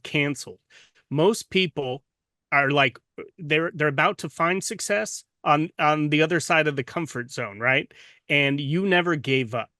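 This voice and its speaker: Male podcast host who admires his guest and rambles, with a bright, dry sound. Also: a little high, no echo. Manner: admiring, rambling, with many restarts. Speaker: podcast host, program leader. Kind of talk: interview questions.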